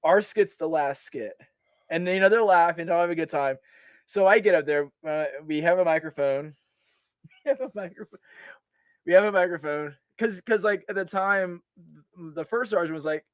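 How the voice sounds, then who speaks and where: A young man with a slightly high voice tells army stories as a podcast guest, full of laughter, false starts and quick asides. The sound is dry and close, with no room ring. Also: smooth, no echo. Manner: animated, laughs often, many restarts. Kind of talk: casual storytelling.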